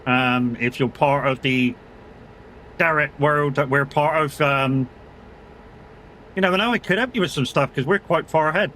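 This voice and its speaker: A man's voice: a little high, normal speed, long pauses, pushed and bright, slight background noise. A man streaming a game live, chatting casually, swearing freely and bantering with his chat. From United Kingdom.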